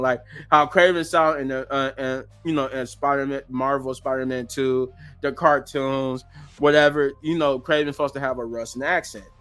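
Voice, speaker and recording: A man's voice: mid-range voice, fairly bright tone. A man casually reviewing a movie on his channel, rambling with lots of restarts and offhand slang.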